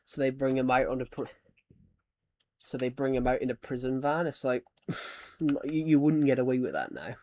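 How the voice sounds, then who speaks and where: A man's voice: medium pitch, moderate pace, pauses often, darkish tone. A man from the UK, chatting casually while playing a game, rambling with many false starts. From United Kingdom. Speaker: Minecraft streamer. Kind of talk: casual chat while gaming.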